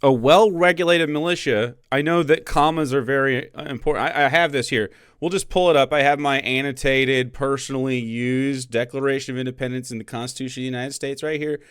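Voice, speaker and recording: A man's voice: mid-range voice, fairly even intonation, brisk, hardly any pauses, a bit bright, clean tone, no echo, clean studio sound. A man commenting scornfully on a clip, profane and mocking. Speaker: political streamer. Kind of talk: reaction commentary.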